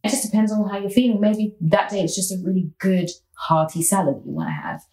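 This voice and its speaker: A woman, an actress and singer, chatting in a relaxed, upbeat way as an interview guest. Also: mid-range voice, fairly quick. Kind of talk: casual interview chat. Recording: roomy echo.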